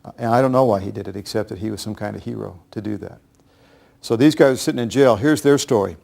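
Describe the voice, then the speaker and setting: Gravelly-voiced man telling history. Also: fairly low pitch, a little mellow. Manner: grave, measured storytelling with acted quotes. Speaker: speaker recounting history. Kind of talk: storytelling lecture.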